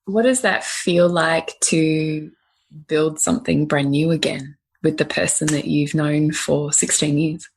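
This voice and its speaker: A woman hosting a podcast, asking gentle, probing questions of her guest. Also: low voice, fairly even intonation, measured pace, creaky, slightly rough. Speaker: podcast host. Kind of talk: interview questions.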